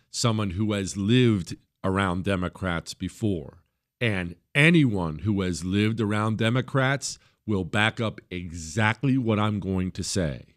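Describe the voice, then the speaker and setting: A middle-aged man hosting a talk radio show, delivering an emphatic, opinionated monologue and jumping into high mocking voices when he quotes others.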